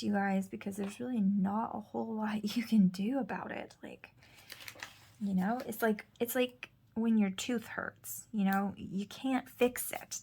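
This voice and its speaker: A woman's voice: medium pitch, gravelly, a little hiss or hum. A woman in her thirties, a mother chatting casually and rambling to her viewers as she vlogs. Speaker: vlogger. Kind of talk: casual chat.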